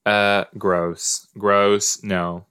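In a flat, drawn-out delivery, this male podcast host muses aloud and addresses the screen while casually reacting to a show he's watching. His lowish voice is sharp yet clear and resonant. The sound is dry and studio-clean.

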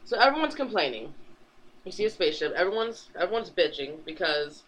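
High-voiced man rambling through a comic recap. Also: sing-song, a little fast, fairly bright tone. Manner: rambling, swears freely, acts out characters in passing. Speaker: podcast co-host. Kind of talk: casual chat, recapping a comic. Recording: dull lo-fi recording.

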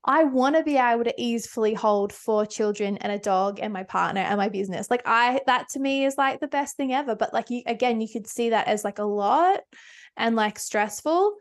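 A woman's voice: on the high side, normal speed. A woman in her thirties co-hosting a podcast, thinking aloud with many fillers. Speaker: podcast co-host. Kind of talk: casual heartfelt conversation.

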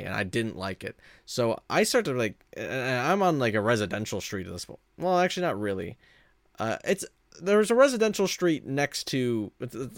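Brief: young male storyteller, casual vlog, rambling with lots of "like", mid-pitched, dry close mic. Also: no room sound. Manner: rambling, full of "like" and restarts, laughing at himself. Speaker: vlogger telling a story.

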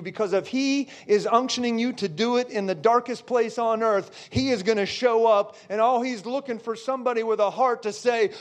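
A man preaching, telling a story with lots of check-ins to his listeners and building to shouts. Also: very high voice, moderate pace, few pauses. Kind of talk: storytelling sermon.

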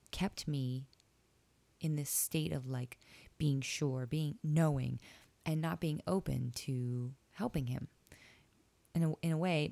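A woman's voice: deep voice, vocal fry, mellow, dry recording. A young woman hosting a podcast, candidly retelling a dream and reflecting on it in a casual, personal way. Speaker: podcast host. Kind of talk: casual solo podcast talk.

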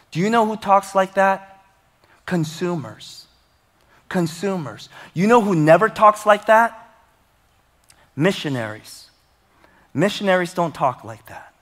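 A man preaching a sermon as a pastor, animated and conversational, with humor and rhetorical questions. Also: high-pitched, takes it slowly, long pauses, in a large hall.

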